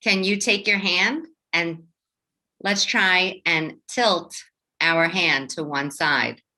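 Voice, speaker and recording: Lady teacher doing phonics for little kids, slow and bouncy, bright voice. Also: on the low side. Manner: slow, clearly enunciated, sing-song teacher voice. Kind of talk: children's phonics lesson.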